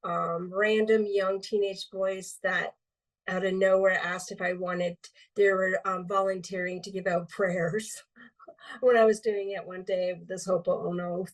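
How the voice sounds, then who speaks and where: A woman speaking as a healing medium guest in a relaxed interview, rambling with many fillers. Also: mid-range voice, a little slow, distant mic. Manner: meandering, filler-heavy, lots of um and like.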